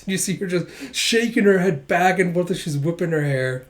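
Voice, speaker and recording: A man's voice: high-pitched, normal speed. A man casually reading through a manga chapter, laughing often and retelling it with animation. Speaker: manga reader and reviewer.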